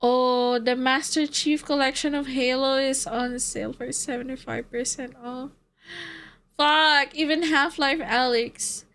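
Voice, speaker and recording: A high-pitched woman talks to her stream audience at an unhurried pace. She chats casually, laughs easily and swears freely as she answers viewers. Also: steady tone, a bit bright. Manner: chatty, swears and laughs often, reads out chat.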